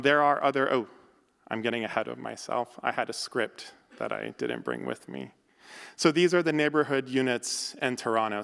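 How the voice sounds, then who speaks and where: Fast-talking American man lecturing in a hall. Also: medium pitch, gravelly, a bit bright, clean tone. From United States. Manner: quick, loose delivery with frequent ums and uhs. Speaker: architect and academic lecturer. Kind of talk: conference lecture.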